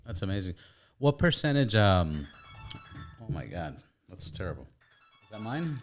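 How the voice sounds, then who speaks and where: Low-voiced chatty podcast host. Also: male voice, big pitch swings, normal speed, over loud music. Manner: chatty and candid, swearing casually. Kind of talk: casual chat.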